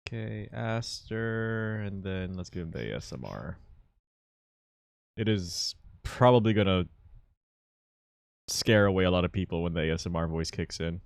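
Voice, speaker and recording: A man's voice: sits low, animated, normal speed, creaky, long pauses, smooth, no room sound. A man streaming live, chatting casually, laughing often and muttering to himself as he clicks through settings.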